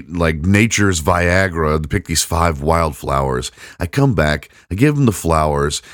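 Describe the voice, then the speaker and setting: Low-voiced middle-aged dude rambling thru a story, laughing at himself, dry close sound. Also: male voice, a bit bright, dry recording. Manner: rambling, self-mocking, laughing at his own story. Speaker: podcast host. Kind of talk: casual storytelling monologue.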